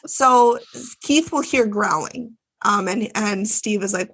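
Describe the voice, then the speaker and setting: A woman's voice: mid-range voice, measured pace, breathy edge. A woman co-hosting a podcast, recapping a TV episode in casual, chatty talk with plenty of fillers and swearing. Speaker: podcast co-host.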